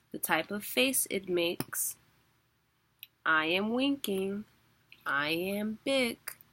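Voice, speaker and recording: A poetry teacher with a lowish, slightly bright female voice gives a casual online lesson. She explains things patiently, using filler words and chuckling now and then.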